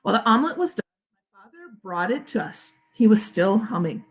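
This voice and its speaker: A woman's voice: mid-range voice, sing-song, a little fast, husky. A school principal, a woman, reading a children's book aloud expressively for a live video, with asides to the kids. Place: home, during quarantine. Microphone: phone or laptop for a live video.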